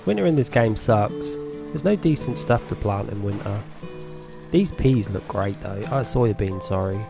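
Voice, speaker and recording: A man's voice: lowish voice, expressive, a little slow, vocal fry, music in the background. A man with a Norfolk English accent chatting casually with viewers while streaming a farming game, chatty and self-deprecating, laughing often. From England.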